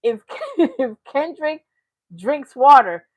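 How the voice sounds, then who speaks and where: A woman's voice: high voice, expressive, takes it slowly, dry recording. A woman hosting a reaction channel, talking in casual, chatty commentary with frequent laughs. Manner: chatty, laughing, slips into mocking impressions.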